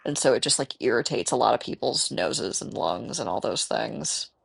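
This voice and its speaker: Gravelly woman, has a cold, casual rambling gameplay chat, self-mocking. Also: extremely low pitch, expressive, normal speed. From American Midwest. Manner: chatty, rambling, self-mocking, talks to game animals. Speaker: gaming streamer.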